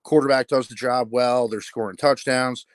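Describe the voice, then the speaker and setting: A man's voice: medium pitch, steady tone, normal speed, dry recording. A man calling in to a sports show, casual, level-headed and explanatory. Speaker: caller. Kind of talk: casual sports call-in talk.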